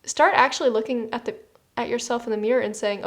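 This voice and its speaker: A woman's voice: a little high, fast. Earnest woman giving a tarot reading. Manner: earnest and reassuring, addresses listener directly; conversational with frequent "you know" and restarts. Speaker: tarot reader. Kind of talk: spoken tarot reading to the viewer.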